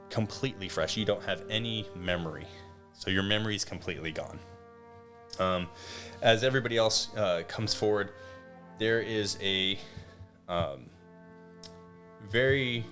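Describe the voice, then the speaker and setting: A man's voice: sits low, fairly bright tone. A man narrating a tabletop game as game master, casual and full of restarts. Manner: casual, many fillers and restarts.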